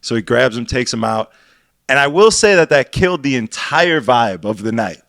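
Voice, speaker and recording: A young man with a mid-range, sing-song, slightly bright voice co-hosts a podcast at normal speed. In casual chat, this DJ tells a rambling, profane story about DJing, recorded in clean studio sound with no echo.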